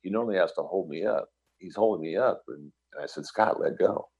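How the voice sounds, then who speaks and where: A middle-aged man from the American Midwest recounts a personal story as a guest in an interview. His voice sits extremely low and carries a breathy, husky texture. He talks earnestly, with restarts, and acts out what others said. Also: quick pace. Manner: earnest, animated retelling with quoted dialogue and restarts.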